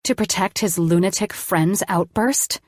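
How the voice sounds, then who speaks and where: A woman's voice: medium pitch, measured pace, a little mellow, no room sound, clean studio sound. A woman narrating an audiobook in the first person, reading expressively.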